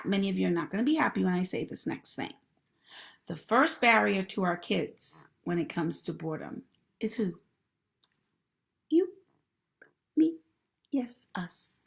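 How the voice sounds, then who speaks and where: A woman's voice: on the low side, gravelly. A woman therapist hosting a live-streamed advice talk, encouraging viewers and greeting commenters by name. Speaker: host and mental health professional.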